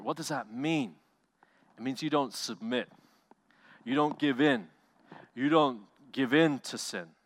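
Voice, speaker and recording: A male pastor preaching a sermon with animated delivery, swinging from loud bursts to quiet, low lines and acting out quotes. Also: a little slow, long pauses. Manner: animated preaching with acted-out quotes, loud swells and soft drops.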